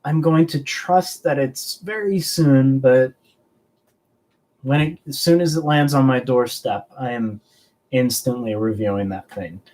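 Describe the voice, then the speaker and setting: A man's voice: medium pitch, unhurried, a little mellow, low-quality recording. A young man from the American South, hosting a casual live stream and chatting loosely with viewers, rambling and swearing freely. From Southern United States. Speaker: collectibles channel host.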